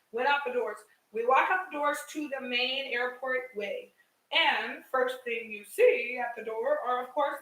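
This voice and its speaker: A young woman telling a story to her viewers in a casual vlog, animated and chatty, laughing often and addressing them as y'all. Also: on the high side, roomy sound, distant mic, low-quality recording. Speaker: vlogger. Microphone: headset mic.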